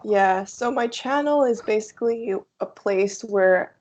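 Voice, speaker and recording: A woman's voice: mid-range voice, unhurried, a little mellow, muffled recording. A young woman, a native Russian speaker, chatting as a guest in a casual video interview, talking with lots of "like" fillers. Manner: chatty, laughs often, many "like" fillers. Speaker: guest, language YouTuber.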